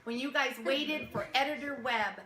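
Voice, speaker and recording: This woman has a high-pitched voice and a moderate pace as she directs a youth theater group, warm and laughing, playing out their lines. She is recorded in an echoey room with a crowd murmuring and laughing.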